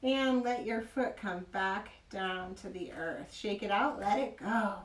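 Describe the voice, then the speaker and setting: Woman, kids' yoga teacher, playful, encouraging, slow gentle pace, echoey room, distant mic. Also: medium pitch. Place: yoga studio.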